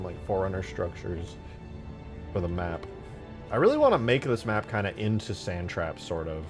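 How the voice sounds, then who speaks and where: A young man chatting casually on a live stream while modding a game, laid-back, breaking into animated storytelling. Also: fairly low pitch. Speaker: streamer and modder.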